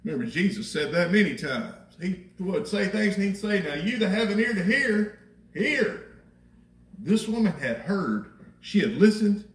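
Pastor preaching, high voice, chatty and repetitive, echoey church. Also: male voice. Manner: conversational preaching, rhetorical questions, repeats phrases. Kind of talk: sermon. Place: church sanctuary. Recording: echoey church from a distant mic.

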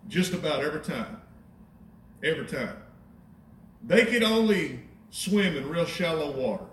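A man preaching a sermon in a conversational, animated way, with wry asides to the congregation. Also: on the high side, a little slow. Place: church sanctuary. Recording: echoey church from a distance.

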